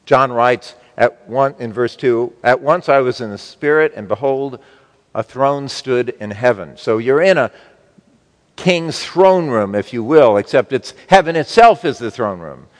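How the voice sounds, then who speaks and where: A man preaching a sermon to his congregation, slow and emphatic, with wide swings between loud and soft. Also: mid-range voice, lively intonation, in a large hall. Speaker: pastor.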